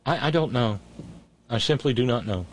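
A man's voice: medium pitch, animated, moderate pace, slightly rough. A man hosting a talk show, giving sarcastic, indignant commentary and bringing in callers. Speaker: radio show host.

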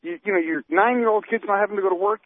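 A man's voice: sits high, racing, breathy edge, no room sound. A man on a talk radio show, ranting with animation and firing off rhetorical questions. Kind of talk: political talk radio rant. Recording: dry, tinny phone-line audio.

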